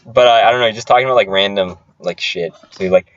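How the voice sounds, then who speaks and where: A man's voice: lowish voice, quick pace, a bit bright. Give me a young man casually telling a story on a podcast, in dull lo-fi audio. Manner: storytelling, loose, lots of "like". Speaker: podcast co-host. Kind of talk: casual chat.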